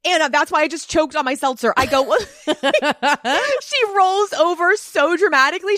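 A woman's voice: high-pitched, lively intonation, unhurried, a bit bright, dry recording, studio quality. A young woman co-hosting a podcast in casual chat, dramatic and exclamatory as she recaps scenes. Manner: dramatic, exclamatory, quotes characters. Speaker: podcast co-host.

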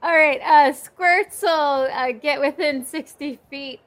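A woman taking her turn in an online tabletop game, explaining her spell eagerly and at speed. Her voice sits a little higher than most. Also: slow pace, a bit bright. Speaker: player. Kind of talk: tabletop game play over voice chat.

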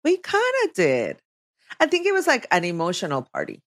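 A woman co-hosting a podcast in casual chat, bubbly and quick to laugh, slipping into Spanish phrases. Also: on the low side, huge pitch swings, a bit bright. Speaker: podcast co-host.

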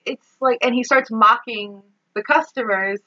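A woman co-hosting a podcast, recapping a movie in animated casual chat, laughing often and saying "like" a lot. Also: fairly high pitch, a little slow, dull audio. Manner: animated, laughing, heavy use of "like". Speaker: podcast co-host.

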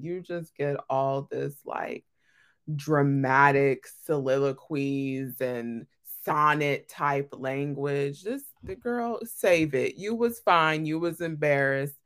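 A young woman with a fairly low voice talks casually with her best friend on a podcast. She teases bluntly and often jumps into sudden loud, excited bursts. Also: smooth. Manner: teasing, blunt, animated bursts. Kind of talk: casual chat.

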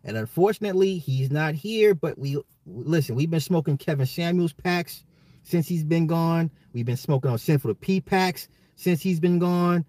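A man with a slightly high, dark-toned voice speaks at normal speed with no echo. He's an adult father hosting his own solo social commentary podcast, addressing listeners directly, speaking emphatically and often repeating himself.

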